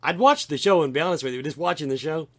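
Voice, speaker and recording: Fast and a little high-pitched, a Southern-accented man from Kentucky keeps his laid-back podcast conversation lively. He rambles, often breaking off mid-thought to restart.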